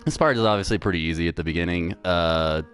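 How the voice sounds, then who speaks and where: A man's voice: sits low, quick pace, fairly bright tone, soft background music. A man streaming a game and commentating casually, chatty and rambling, laughing easily. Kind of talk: casual let's-play commentary.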